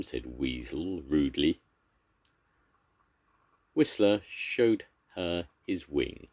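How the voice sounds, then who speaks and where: A man's voice: a bass voice, animated, very slow, pauses often, darkish tone, breathy edge. An older man, a grandfather, expressively reading a children's story aloud.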